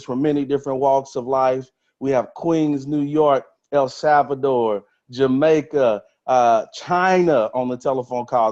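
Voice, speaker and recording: A man giving an energetic motivational talk on a webinar, repeating phrases for emphasis. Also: medium pitch. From Texas. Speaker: motivational speaker on a trading webinar. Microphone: webinar call mic. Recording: slightly dull lo-fi webinar audio.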